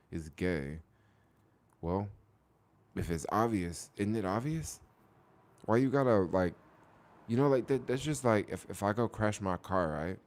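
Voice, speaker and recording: Deep gravelly man chatting on a livestream. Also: a little mellow. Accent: American. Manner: repetitive, restarting phrases, drawn-out emphasis. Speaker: livestream host. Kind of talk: casual livestream chat.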